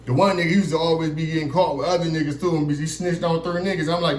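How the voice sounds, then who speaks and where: Young man, vlogger, profane casual storytelling, animated, acts out other people, roomy echo, faint background noise. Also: a little high, a little fast, hardly any pauses. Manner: profane, animated, keeps asking "you feel me".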